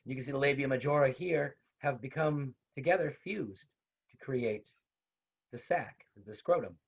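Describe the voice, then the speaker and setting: This instructor's mid-range voice is gravelly and husky, moving at a moderate pace. He delivers an informal online university lecture through a video call, speaking conversationally, repeating himself, and slipping in personal asides, all on dull, lo-fi audio.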